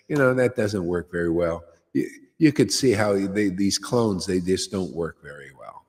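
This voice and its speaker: A man's voice: fairly low pitch, a little mellow. A man giving an informal devotional talk as a spiritual teacher, loose and conversational, often tossing in "see?" and "man". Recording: long hall reverb.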